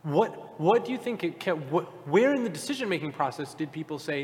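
A man's voice: fairly high pitch, normal speed, hardly any pauses. A man hosting a live convention panel, probing the others with pointed questions. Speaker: podcast host moderating a panel. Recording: hall reverb from a live stage.

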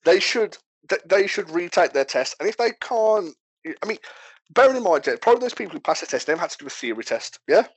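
A young man with a British accent riffs in deadpan, mock-outraged banter. His voice sits a little high. The sound is dry and close, with no room around it. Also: brisk, husky, no room sound. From Britain. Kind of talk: casual banter.

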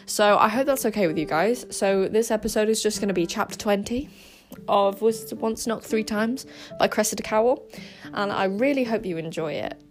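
A woman's voice: medium pitch, moderate pace. A teenage girl hosting her own podcast, chatting briefly and then reading a chapter of a children's book aloud. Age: teens. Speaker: podcast host and storyteller.

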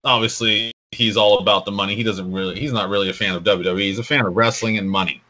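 A man's voice: fairly low pitch, steady tone, quick pace, pushed and bright, a little hiss or hum. A man co-hosting a podcast in casual chat, blunt, opinionated and given to swearing. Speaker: podcast co-host.

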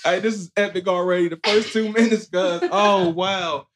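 A man's voice: sits high, fairly even intonation, moderate pace, crowd noise. A man hosting a podcast as loose, casual chat among friends at home, laughing, slangy and a bit tipsy from drinks. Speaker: podcast host.

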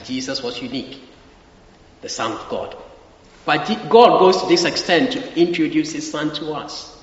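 A man's voice: a little high, animated, moderate pace. A man preaching a sermon with emphasis, repeating his key phrases and asking the congregation for agreement. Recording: echoey hall, dull lo-fi sound.

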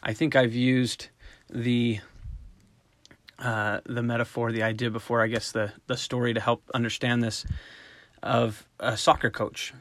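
A middle-aged man, a dog trainer, giving a relaxed, conversational talk on raising puppies and sometimes acting out short voiced examples. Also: medium pitch, unhurried. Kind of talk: casual instructional talk.

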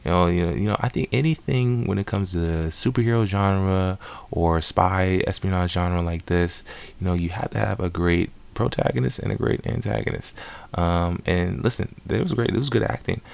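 A man's voice: deep voice, normal speed, vocal fry, a little mellow. A man giving a casual, rambling spoken movie review with many fillers and restarts. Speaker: film reviewer.

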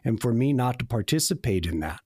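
A man's voice: mid-range voice, very animated, a little fast, a little mellow, breathy edge, no echo, clean studio sound. A man in a reflective faith conversation, speaking earnestly and confessionally, repeating phrases for emphasis.

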